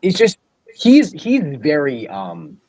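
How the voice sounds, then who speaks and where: A man's voice: a little high, wildly swooping pitch, takes it slowly, a little mellow, poor audio. A man co-hosting a casual podcast, rambling with many fillers and frequent laughs. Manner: rambling, lots of "like" and "you know", laughs often. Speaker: podcast co-host, doctor.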